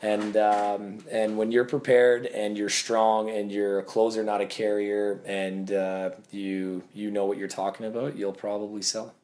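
Lively man telling sales stories. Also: on the low side, a little slow, hardly any pauses, slight background noise. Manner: animated storyteller, acts out quoted dialogue. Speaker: guest. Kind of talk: casual interview talk.

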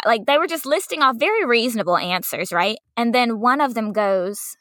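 Young woman co-host, kindergarten teacher, bright and lively storyteller, dry close sound. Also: on the high side, moderate pace, hardly any pauses, dry recording. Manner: animated, acts out quotes in a sing-song teacher voice. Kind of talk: casual storytelling chat.

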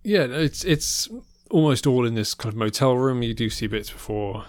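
A man's voice: mid-range voice, moderate pace, no room sound, clean studio sound. A man co-hosting a podcast, chatting casually about films with many ums and restarts. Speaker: podcast co-host. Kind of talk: casual film review chat.

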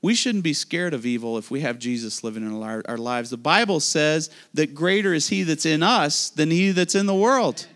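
Animated preaching man, higher voice. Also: moderate pace, hardly any pauses. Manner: animated preaching with asides to the audience. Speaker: pastor. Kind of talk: sermon.

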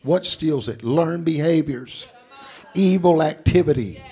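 A male pastor preaching a sermon, swinging from low murmurs to shouts and calling out to the congregation. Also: a little slow, breathy edge. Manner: calls out to the congregation.

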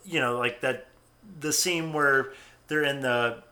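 A man co-hosting a film podcast, talking in a relaxed, agreeable way that often trails off. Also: medium pitch, takes it slowly. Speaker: podcast co-host, film reviewer. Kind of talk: casual chat.

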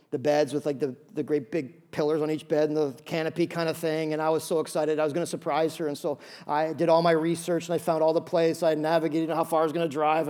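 A male pastor preaching a sermon, telling stories in an animated way with many quick restarts. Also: fairly high pitch.

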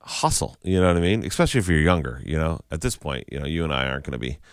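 A man's voice: a bass voice, lively intonation, racing, no echo, clean studio sound. A man co-hosting a morning radio show, chatting casually and telling stories, acting out other people's lines as he goes. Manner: storytelling, chatty, acts out quoted lines.

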